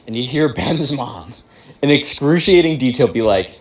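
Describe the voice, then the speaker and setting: A man casually retelling a comedic story, animated and full of "like". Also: medium pitch, moderate pace, rough recording.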